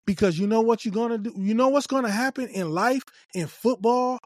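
A man's voice: very high-pitched, a little fast, a little mellow, no room sound, clean studio sound. A man giving emphatic, repetitive opinion commentary on a video clip, scolding and lecturing.

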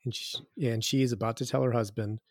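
Joking man with a gravelly voice. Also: medium pitch, fairly even intonation, brisk, no echo, clean studio sound. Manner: joking, puts on silly accents. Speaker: podcast co-host. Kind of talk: casual chat.

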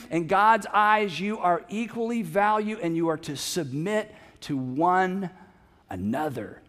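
Man, pastor, sermon, high voice, long hall reverb, joking asides. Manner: conversational, joking with the congregation. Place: church sanctuary.

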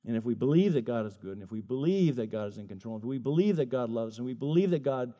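A man's voice: mid-range voice, animated, fast, warm tone, lo-fi sound. A middle-aged male pastor preaching a sermon, telling stories with acted voices and emphatic repetition.

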